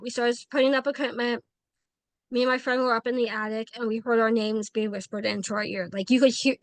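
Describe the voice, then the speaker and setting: Lively woman telling a ghost story. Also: a little high, no room sound. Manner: animated, acts out quoted dialogue, frequent "like". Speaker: paranormal investigator, guest. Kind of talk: casual interview storytelling.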